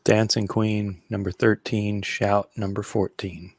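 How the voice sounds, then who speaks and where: A man guesting on a music podcast, telling a relaxed story with dry humor over an online call. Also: on the low side, slow pace, gravelly, breathy edge, no room sound. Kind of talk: casual chat.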